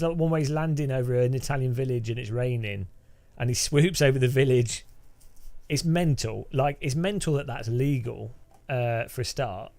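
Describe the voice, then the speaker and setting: A man with a fairly high voice chats loosely to his stream audience while he plays. He wanders from topic to topic, stops and restarts sentences, and laughs easily. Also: a little mellow. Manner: rambling, laughs often, many restarts. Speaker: gaming streamer. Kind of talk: casual live-stream chat.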